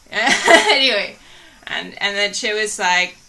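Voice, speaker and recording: Vlogger type: bright, sharp-toned woman, chatty and giggly, rambles with lots of "like". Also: on the high side, moderate pace. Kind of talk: casual storytelling.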